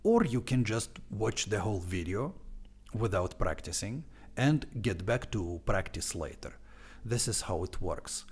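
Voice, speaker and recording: A man speaks English with a heavy Russian accent that he plays up on purpose. His voice sits low but leaps around in pitch as he teases and explains. He talks casually on a live stream, showing off his language course. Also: husky. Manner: animated, playful, deliberately heavy accent. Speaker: online language teacher.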